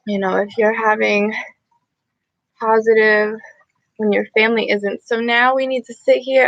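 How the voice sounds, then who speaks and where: A woman guides a gratitude meditation in an earnest, heartfelt way, often circling back to the same affirmations. Her voice sits a little high with a gravelly, fry-touched edge. The sound is dry and close, with no room around it. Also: little pitch movement, a little slow, long pauses, a bit bright, no echo, dull audio. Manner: earnest, emotional, repeats affirmations. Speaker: meditation livestream host.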